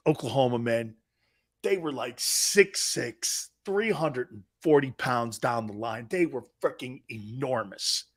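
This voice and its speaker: A middle-aged man hosting a sports talk show, telling loud, rowdy football stories full of laughter and swearing. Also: mid-range voice, no room sound, studio quality. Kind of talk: animated sports talk storytelling.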